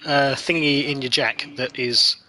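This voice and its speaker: Bright-voiced league host. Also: male voice, medium pitch, steady tone, unhurried. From North Kent, England. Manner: dry, teasing banter. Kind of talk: casual live race commentary.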